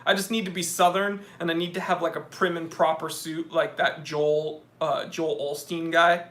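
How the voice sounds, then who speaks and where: A man's voice: a little high, little pitch movement, moderate pace, fairly bright tone. A man hosting a casual livestream, joking and reading viewer comments aloud. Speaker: host. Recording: echoey room.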